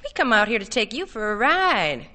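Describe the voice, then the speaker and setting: A sly, pushy man in his thirties passing himself off as a teen, as a woman storyteller puts him on. His talk is a teasing sing-song that mocks and coaxes at once. The tone is bright and forward. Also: on the high side, sing-song, normal speed. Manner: sing-song, slightly mocking and kidding.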